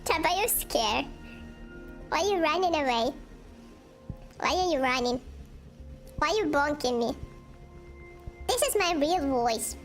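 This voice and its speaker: A woman streamer talking through a voice changer that turns her into a high, cutesy girl voice, giggly and teasing over her gameplay. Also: animated, a little slow, long pauses. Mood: playful. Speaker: game streamer. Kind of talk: casual gameplay chat. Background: game music.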